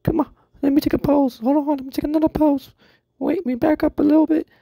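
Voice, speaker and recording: A woman's voice: high voice, fairly even intonation, fast talker, gravelly, mellow, no echo. A woman doing a vain tuxedo cat. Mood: preening. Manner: preening and self-satisfied. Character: vain posing tuxedo cat, showy and proud.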